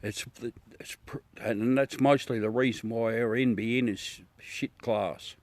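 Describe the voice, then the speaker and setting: An Australian man hosts a livestream, chatting casually with viewers in a blunt, ranty way and swearing freely. His mid-range voice is steady in tone, a little slow, and a little mellow.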